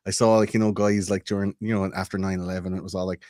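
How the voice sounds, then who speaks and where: A man's voice: deep voice, level tone, fast talker, few pauses, darkish tone, no echo. A man co-hosting a podcast in casual chat, rambling and swearing with many fillers. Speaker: podcast co-host.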